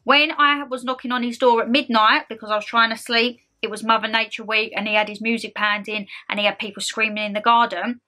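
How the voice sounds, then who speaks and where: A young woman ranting to her vlog camera at home, animated and exasperated, full of slangy asides. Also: fairly high pitch, fairly quick, hardly any pauses. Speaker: vlogger. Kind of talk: casual ranting chat to camera.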